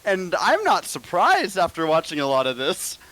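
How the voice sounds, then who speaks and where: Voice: mid-range voice, huge pitch swings, moderate pace, fairly bright tone, rough recording. A co-host on a game stream, joking and laughing with frequent stammering restarts. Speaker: co-player on a stream.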